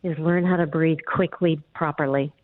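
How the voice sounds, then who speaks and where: A woman guest giving calm, measured explanations in a radio interview. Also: low voice, dry recording. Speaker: guest author. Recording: tinny dry phone line.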